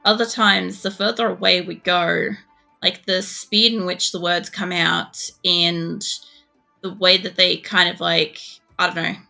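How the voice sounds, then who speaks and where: A woman's voice: on the low side, little pitch movement, a little slow, gravelly, pushed and bright, soft background music. An Australian woman streaming a game, chatting casually in a rambling way, swearing often and filling gaps with fillers. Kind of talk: casual gameplay chat.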